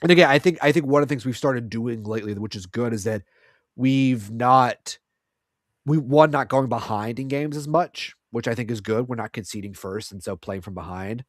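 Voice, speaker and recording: A man co-hosting a football podcast in casual chat, rambling and animated with frequent restarts and fillers. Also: mid-range voice, moderate pace, dry recording, studio quality. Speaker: podcast co-host.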